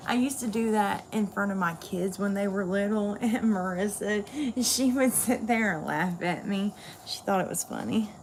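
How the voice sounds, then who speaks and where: A woman's voice: mid-range voice, normal speed, a little hiss or hum. A woman venting bluntly and candidly to viewers in a casual livestream chat.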